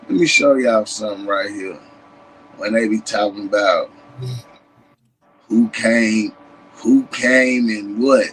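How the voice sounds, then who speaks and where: A man with a Tennessee accent showing off maps and artifacts in a casual vlog, animated and emphatic, breaking into shouts. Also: fairly low pitch, slow, pauses often, a little hiss or hum, poor audio. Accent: Southern US, Tennessee. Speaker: history vlogger. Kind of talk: excited casual show-and-tell.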